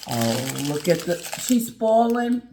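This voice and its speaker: A middle-aged woman vlogger unboxing gifts in an excited, gushing chat to camera, exclaiming often. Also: fairly low pitch, slow pace, roomy sound, noisy background.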